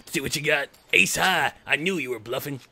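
A man's voice: a little high, a little fast, gravelly, a loud crowd. A man hosting a casual gaming session, joking and teasing his friends over voice chat while they play poker. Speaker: gaming channel host.

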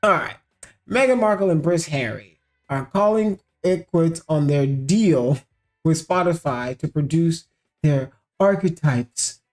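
A man hosting a commentary show, mocking and sarcastic, mixing slang with asides, with faint music behind. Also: fairly high pitch. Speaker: show host.

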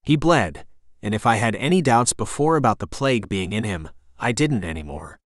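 A man reading a first-person fantasy audiobook in a measured, dramatic storytelling manner. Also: on the low side, expressive, dry recording, studio quality. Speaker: audiobook narrator.

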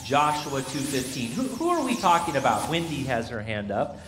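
A man's voice: mid-range voice, big pitch swings, moderate pace, a bit bright, a little hiss or hum. A man preaching as pastor, running an interactive Bible trivia quiz with his congregation, chatty and full of fillers. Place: church sanctuary. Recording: long church reverb.

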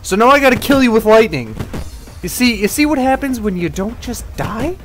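A man casually commenting on his gameplay, rambling and excitable, swearing at enemies. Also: very high voice, moderate pace. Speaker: gaming channel host. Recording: faint game music behind. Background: game music.

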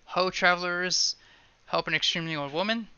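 Haggard old witch, cursing in mock-solemn old-fashioned speech, read by a man, bright and forceful, slightly dull sound. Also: high-pitched, normal speed, clean tone, no room sound, full character voice. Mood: menacing.

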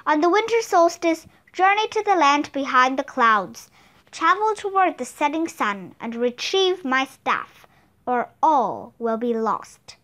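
A woman voicing a booming scornful ice wizard. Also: bright, forceful tone, exaggerated voice. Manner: booming, slow, commanding. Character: gruff giant one-eyed wizard, scornful.

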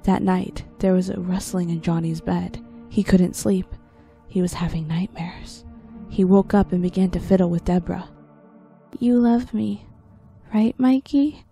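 A woman narrating a creepy audiobook story in a low, gravelly storytelling voice. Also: little pitch movement, normal speed, mellow, faint music behind. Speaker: story reader.

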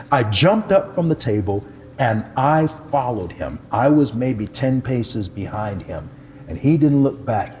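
An older man, a pastor, telling a personal testimony in an animated, humorous way and poking fun at himself. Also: medium pitch, takes it slowly, slight background noise. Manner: animated, humorous, self-deprecating storyteller.

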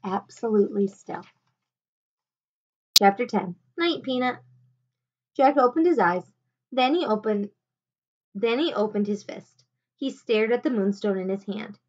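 Lively woman teacher narrating a storybook, raised pitch, muffled home recording. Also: measured pace, pauses often, slight background noise. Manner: expressive, animated. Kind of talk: storybook read-aloud.

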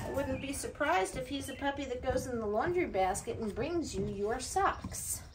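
A woman's voice: high voice, lively intonation, normal speed. A woman breeder talking to a puppy in cooing, sing-song baby talk while commenting to the camera. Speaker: dog breeder evaluating a puppy. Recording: noisy background.

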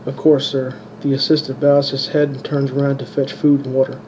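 Flat-voiced man reading his own novel. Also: medium pitch, fairly quick, slight background noise, rough recording. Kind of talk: audiobook reading.

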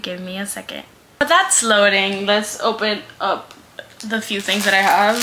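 A woman's voice: mid-range voice, very noisy. A young woman vlogger chatting through an unboxing, gushing and giggling as she talks. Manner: gushing, giggly, says "oh my god" often. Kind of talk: casual unboxing vlog.

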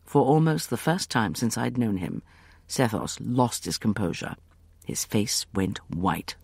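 A man narrating an audiobook novel in a measured storytelling manner, close to the microphone. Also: medium pitch, expressive, gravelly, darkish tone, slightly rough, dry recording.

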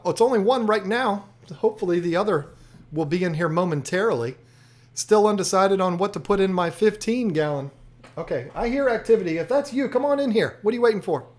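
Guy rambling through a late-night fish tank livestream, kinda higher voice, joking around with chat. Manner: rambling, joking, chatty, reads comments aloud. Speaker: aquarium channel host doing a live stream. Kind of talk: casual live-stream chat reading viewer comments.

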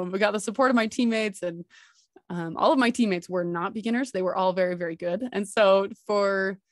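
Woman, podcast host, excitable storytelling, gushing, mid-pitched voice, dry close sound. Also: no echo. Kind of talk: personal storytelling monologue.

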